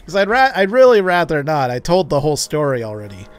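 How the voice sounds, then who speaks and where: A man's voice: a little high, big pitch swings, fast. A man streaming a game, telling a long story in a rambling way with many restarts. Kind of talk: casual gameplay commentary.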